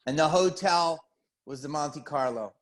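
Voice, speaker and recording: A man, a comedian, telling an animated comic story over a video call with drawn-out pauses. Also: on the high side. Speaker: comedian guest.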